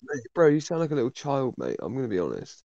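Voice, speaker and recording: A man's voice: mid-range voice, wildly swooping pitch, fast talker, warm tone, dull audio. A British man in a heated online debate, aggressive, mocking and swearing a lot. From Britain. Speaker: panelist.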